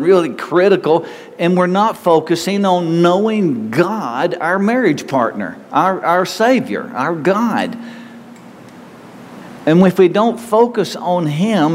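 A man preaching a conversational sermon as a pastor, often acting out the voices of self-centered people. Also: on the high side. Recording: reverberant hall with faint room noise.

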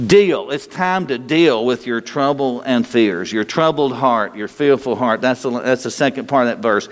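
A male pastor delivers a conversational sermon, asking his listeners questions and answering in God's voice at a slower, softer pace. His voice sits at an ordinary middle pitch. The sound carries the long reverb of a large hall. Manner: conversational preaching, voices God's replies in a slow gentle tone.

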